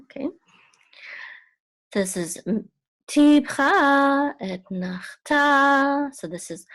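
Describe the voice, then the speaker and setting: A woman teaching biblical Hebrew reading step by step, explaining in short pieces and singing out each word higher and louder. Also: no room sound. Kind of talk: slow step-by-step lesson with chanted words.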